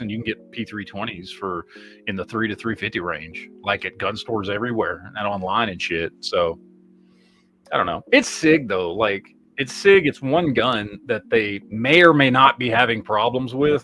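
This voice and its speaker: A man's voice: lowish voice, moderate pace, soft background music. A man hosting a podcast, rambling in casual chat, swearing heavily and reacting to viewer comments. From Michigan, USA. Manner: heavy swearing, rambling, animated. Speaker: podcast host.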